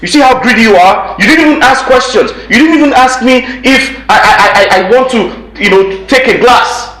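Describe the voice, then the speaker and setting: An actor with a Nigerian English accent playing a stingy home owner who harshly scolds and lectures a guest, repeating himself. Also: male voice, extremely high pitch, normal speed, pushed and bright. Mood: scolding. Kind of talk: film drama acting. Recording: echoey room.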